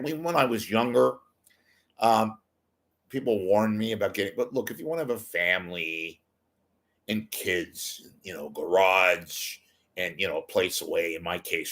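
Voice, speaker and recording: Rambling, joking older man, lowish voice. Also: expressive, normal speed, fairly bright tone. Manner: rambling, self-deprecating joking. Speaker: livestream host. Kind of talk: casual chat.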